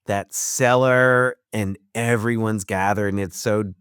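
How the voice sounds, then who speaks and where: A man co-hosting a podcast, chatting excitedly about a film and thinking out loud with many restarts. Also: lowish voice, slow pace, clear, resonant tone, no echo, studio quality. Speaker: podcast co-host. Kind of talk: casual film discussion.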